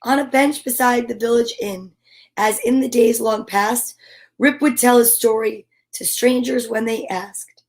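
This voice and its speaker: A woman reading a children's storybook aloud in a gentle, expressive way, adding chatty asides between pages. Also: on the high side, measured pace.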